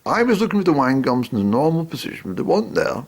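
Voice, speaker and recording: A man telling a rambling comic story, hesitating with lots of ums, in a raspy, creaky voice. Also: on the high side, sing-song, fast.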